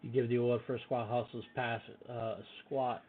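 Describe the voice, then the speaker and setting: A man's voice: mid-range voice, flat delivery, normal speed. A man hosting a strategy game playthrough, chatting casually and reading the game's story text aloud with restarts. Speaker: gaming channel host. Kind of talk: let's-play commentary, reading game text. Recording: tinny phone-like audio with faint hiss.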